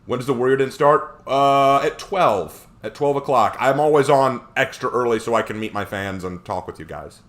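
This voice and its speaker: Animated male streamer chatting with viewers. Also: mid-range voice, normal speed, few pauses. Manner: animated, joking. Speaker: live streamer. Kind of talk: casual chat reading stream comments.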